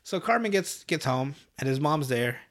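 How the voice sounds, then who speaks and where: Man, podcast host, slightly higher voice, casual recap, swears freely, laughs a lot. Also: lively intonation, moderate pace. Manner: loose and profane, laughing often. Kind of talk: casual chat recapping a cartoon episode.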